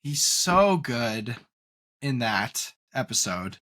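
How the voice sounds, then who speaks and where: Excitable young man gushing in casual chat. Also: medium pitch, takes it slowly. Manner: excitable, gushing, many fillers and restarts. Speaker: podcast co-host.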